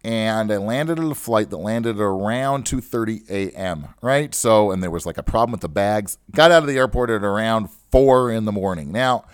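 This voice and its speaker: A podcast host on personal finance tells a long, chatty story as a monologue, sprinkling in rhetorical "right?" asides. His lowish voice is clear and resonant, at a moderate pace with few pauses, captured in clean studio sound without echo.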